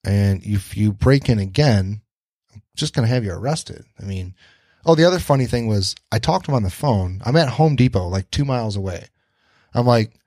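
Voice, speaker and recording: A man hosts a podcast and tells a story in a loose, casual way, acting out what each person said and swearing freely. His voice sits somewhat low. The recording is dry and close, with no room sound. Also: animated, fairly quick, darkish tone, no echo. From Detroit area. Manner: swears freely, acts out quoted dialogue. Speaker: podcast host.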